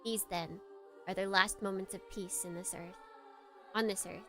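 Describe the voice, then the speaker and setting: A woman streamer playing a visual novel, laughing at the story and reading its narration aloud in a hushed, dramatic tone. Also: medium pitch, steady tone, moderate pace, soft background music. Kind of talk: let's play commentary and dramatic reading.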